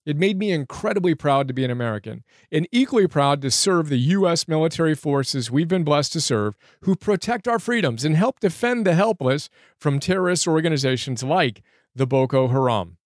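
A man's voice: on the high side, expressive, brisk, no room sound. Brief: a sincere, earnest man reading from a book and reviewing it as host, dry and close.

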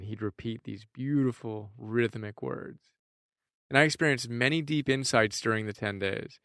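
A teacher presents ideas from a book in earnest, reflective scripted narration, frequently posing questions to the listener. His mid-range voice moves at a moderate pace with a fairly bright tone, recorded in studio quality with no echo.

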